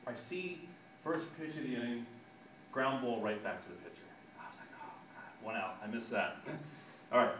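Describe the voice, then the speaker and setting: A man, a sportscaster, giving an animated storytelling talk to students and acting out quotes with loud bursts. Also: medium pitch. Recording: echoey room, distant mic, background noise.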